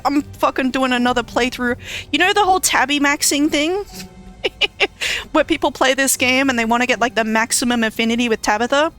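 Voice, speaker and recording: A woman with a bright, crisp, fairly high voice gives casual let's-play commentary on a story game. She reacts in outbursts, swears freely and laughs a lot. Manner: exclamatory and profane, often laughing. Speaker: game streamer.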